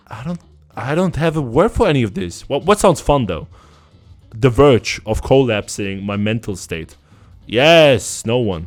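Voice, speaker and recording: A young German man with a German accent, a streamer ranting through a quiz in sarcastic, profane banter. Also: mid-range voice. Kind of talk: casual reaction to an online quiz.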